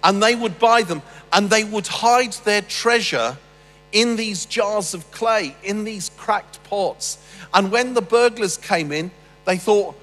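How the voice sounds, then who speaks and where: Male preacher, witty and animated, fairly high voice, long hall reverb with faint music under him. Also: a little slow. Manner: humorous, animated storytelling with asides. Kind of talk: sermon.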